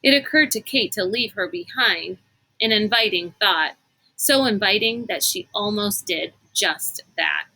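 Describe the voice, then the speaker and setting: A woman reading a novel aloud in an unhurried, expressive storytelling manner. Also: mid-range voice, vocal fry, rough recording. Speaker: reader.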